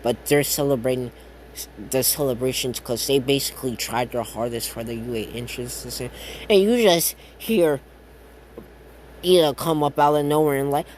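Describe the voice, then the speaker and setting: A man improvising a fan-fiction tale out loud in a loose, rambling way. He keeps filling gaps with "uh", correcting himself in the middle of a sentence and dropping in casual curses. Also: medium pitch, moderate pace, a little hiss or hum. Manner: rambling, lots of fillers and self-corrections, casual swearing. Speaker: fan storyteller.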